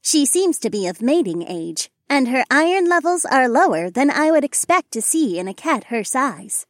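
A man's voice: very high voice, big pitch swings, normal speed, dry recording, studio quality, pitched above the performer's own voice. A man voicing a polite female AI assistant in an audiobook, speaking formally and addressing the listener by full name. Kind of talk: audiobook narration.

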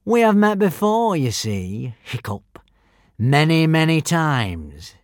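A man's voice: on the high side, big pitch swings, slow pace, dry recording, clean studio sound, pitched above the performer's own voice. A man voicing a sneering, hissing villain. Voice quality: sneering, hissing drawl, mangled foreign words. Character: treacherous bald villain, sneering, scheming man. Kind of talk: audiobook character voice.

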